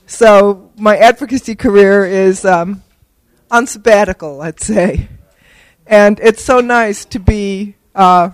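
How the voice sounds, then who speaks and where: A woman's voice: mid-range voice, dry recording, low-quality recording. An older woman giving an award acceptance speech, telling self-deprecating, humorous anecdotes with fillers. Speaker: award recipient and disability advocate.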